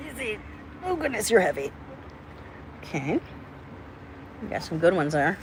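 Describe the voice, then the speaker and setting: A woman on her duck farm chats to viewers and to her birds, her voice lifting high whenever she coaxes them. She is recorded outdoors by the pens with faint noise behind her. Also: big pitch swings, normal speed, pauses often, poor audio. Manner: chatty, talks to her ducks in a high coaxing voice. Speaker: duck keeper. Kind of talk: casual farm vlog talk.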